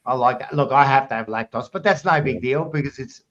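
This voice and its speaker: A man's voice: mid-range voice, a little fast, fairly bright tone. An Australian man co-hosting a podcast, ranting heatedly with heavy swearing in casual panel chat. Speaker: podcast co-host. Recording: dull lo-fi recording.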